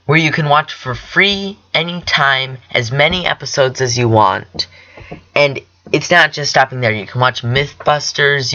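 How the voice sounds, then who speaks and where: A young man hosting his own podcast, chatting about TV shows in a rambling, excitable way and correcting himself often. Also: mid-range voice, highs cut off. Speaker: podcast host. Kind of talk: casual solo chat about TV shows.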